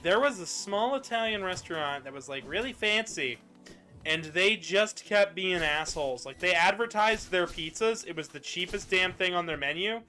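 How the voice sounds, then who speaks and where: Young guy gaming and chatting, bright tense voice, bit high, faint game music behind. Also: moderate pace. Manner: chatty, animated, swears casually. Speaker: streamer playing a video game. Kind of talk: casual chat while gaming.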